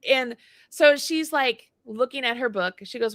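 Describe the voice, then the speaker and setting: A woman's voice: on the high side, a little slow, fairly bright tone, no room sound, clean studio sound. A woman co-hosting a casual livestream chat, animatedly telling a story and acting out both sides of it. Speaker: co-host. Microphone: livestream mic.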